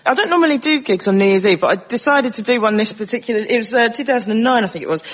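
High husky-voiced comedian guy being self-deprecating, dull lo-fi sound. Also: expressive, rapid-fire, a bit bright. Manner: wry, self-deprecating storytelling. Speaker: comedian guest. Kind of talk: comic anecdote on a panel show. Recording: lo-fi broadcast with faint audience.

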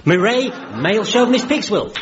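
A man doing a smarmy quick-fire game show host. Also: high-pitched, animated, very noisy. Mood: smarmy patter. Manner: fast, pun-chaining patter. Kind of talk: 1970s radio sketch comedy. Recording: dull old radio recording with loud studio audience.

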